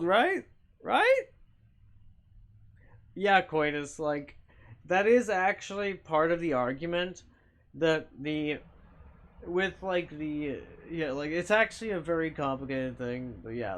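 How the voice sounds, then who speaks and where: A man streaming live, chatting casually and reacting to chat, rambling and swearing freely. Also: fairly high pitch.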